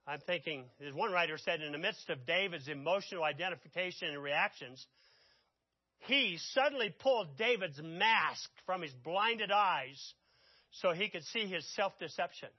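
A man preaching a sermon, telling the story dramatically and swinging from loud outbursts to hushed asides. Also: on the high side, expressive, normal speed, no echo, muffled recording.

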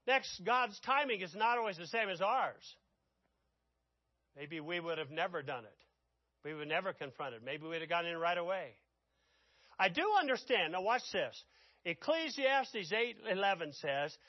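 A man preaching a sermon, telling the story dramatically and swinging from loud outbursts to hushed asides. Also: sits high, expressive, moderate pace, no echo, muffled recording.

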